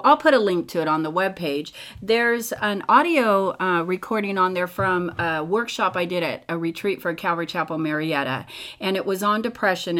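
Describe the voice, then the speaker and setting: Chatty middle-aged woman with low voice. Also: a bit bright. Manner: chatty storytelling with many fillers, acts out quotes. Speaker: podcast host and Bible teacher. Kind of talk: casual teaching talk.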